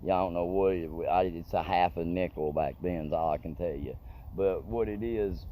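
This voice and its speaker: A man's voice: deep voice, normal speed, mellow, slight background noise. A man telling a story in a rambling, profane, colloquial way. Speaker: comedic storyteller. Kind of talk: casual storytelling monologue.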